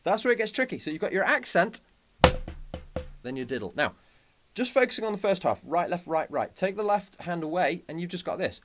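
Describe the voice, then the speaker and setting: Loud drumming plays behind a man teaching a drum lesson, and he's upbeat and chatty as he counts sticking patterns aloud. His voice sits high, very animated and brisk.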